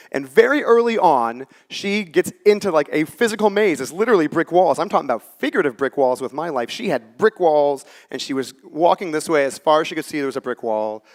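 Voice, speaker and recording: A man in his forties giving a conversational, story-driven talk on a conference stage and acting out the lines he quotes. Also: on the high side. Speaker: conference speaker. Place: conference stage before a live audience.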